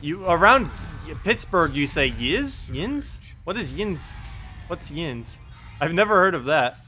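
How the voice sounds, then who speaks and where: A man's voice: on the high side, very animated, takes it slowly, bright, forceful tone, soft background music. A man live-streaming a game in casual chat, reading out viewers' messages and laughing often as he talks. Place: home in South Carolina.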